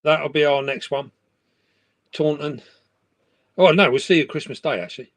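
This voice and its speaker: A man's voice: fairly high pitch, moderate pace, fairly bright tone, no room sound. A middle-aged man, chatting and laughing on a live stream from his room at home. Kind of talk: casual chat.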